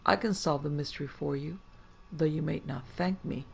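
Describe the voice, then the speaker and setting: A woman voicing a gaunt, sinister gentleman sorcerer who speaks in a well-bred, superior way with a faint foreign accent. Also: deep voice, moderate pace, vocal fry, breathy edge, muffled recording, heavily acted. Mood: scornful.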